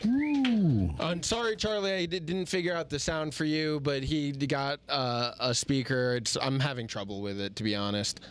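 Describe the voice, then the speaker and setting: A young man hosting a comedy podcast, joking loudly in rowdy banter. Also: fairly high pitch, normal speed, hardly any pauses, slight background noise. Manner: rowdy, shouting. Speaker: podcast host. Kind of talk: loud banter.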